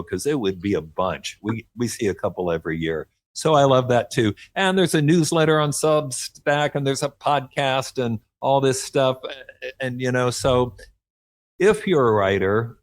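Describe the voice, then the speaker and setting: A man's voice: medium pitch, dry recording. A man from Oklahoma, an author talking as a guest in a radio interview, earnest and encouraging, with frequent light laughs. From Oklahoma, USA.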